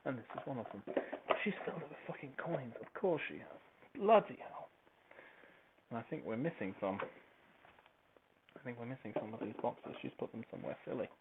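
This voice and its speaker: A man's voice: medium pitch, fast talker, gravelly. A man in casual, rambling chat at home, swearing freely and wandering off topic as he tidies up. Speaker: podcaster. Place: home, tidying a child's toys. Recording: tinny phone-like recording with faint hiss.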